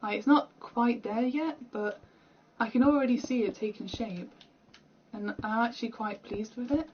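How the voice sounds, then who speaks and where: On the high side and moderately paced, this young British woman's voice comes with cut-off highs and a little hiss or hum. She's a gaming streamer chatting and rambling casually as she plays at home, laughing at herself.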